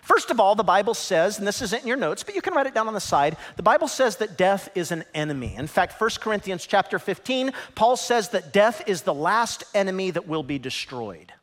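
A middle-aged man preaching a sermon as pastor, with lively swings from hushed, low lines to loud, high peaks. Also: a little fast, hardly any pauses. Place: large church hall. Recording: long reverb of a large hall.

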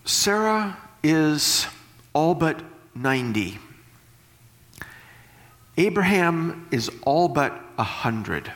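A man preaching a sermon, reading scripture slowly and then paraphrasing it in animated bursts. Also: on the high side, big-room sound.

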